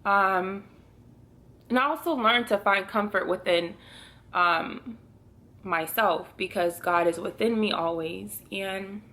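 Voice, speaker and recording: Young woman doing a chatty faith vlog, bright tone, earnest, talks straight to the camera. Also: medium pitch, slow pace. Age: 20s. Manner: earnest, speaks straight to viewers, often laughing. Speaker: vlogger.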